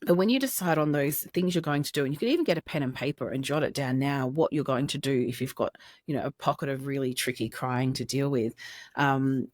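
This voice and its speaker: A woman with an Australian accent, a podcast co-host and sleep practitioner, giving calm, reassuring parenting advice. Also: a bass voice, brisk, no echo, clean studio sound. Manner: gentle, reassuring, steady. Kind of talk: advice chat.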